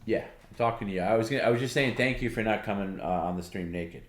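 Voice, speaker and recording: A man's voice: lowish voice, fast talker, roomy sound. A man co-hosting a casual livestream, reading viewer comments aloud in a loose, rambling way. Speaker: stream co-host.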